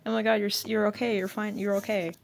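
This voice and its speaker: A woman's voice: medium pitch, little pitch movement, quick pace, creaky, a little hiss or hum, natural voice. A woman reading out a flustered teen girl. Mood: worried. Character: flustered teenage girl comforting a friend.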